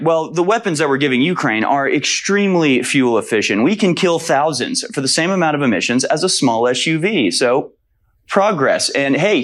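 A man performing a satirical comedy sketch, trading sarcastic, mock-innocent lines. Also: on the high side. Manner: sarcastic, mock-innocent back-and-forth banter.

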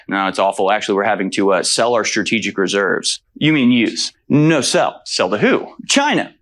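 A man's voice: medium pitch, fairly bright tone. A man performing a satirical comedy sketch, trading sarcastic, mock-innocent lines. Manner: sarcastic, mock-innocent back-and-forth banter.

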